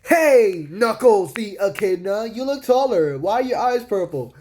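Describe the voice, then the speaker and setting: Man voicing a peppy cartoon hedgehog boy, high and chirpy, always eager. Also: expressive, a little slow, darkish tone, slight background noise. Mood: excited.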